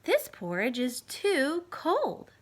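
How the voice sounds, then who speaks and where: A woman voicing a curious, choosy little girl in a storybook, speaking her lines slowly and drawn-out. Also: high voice, wildly swooping pitch, full character voice.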